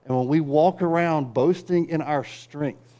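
A middle-aged man gives a sermon as pastor, speaking a little slowly. Wry, chatty asides punctuate it, and he shifts from subdued low passages to loud, driving surges.

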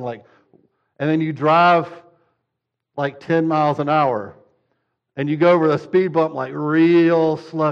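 A man's voice: fairly high pitch, fairly even intonation, slow pace, pauses often, clean tone. A father and preacher telling humorous stories in a sermon, acting out scenes with swinging energy. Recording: dull lo-fi recording.

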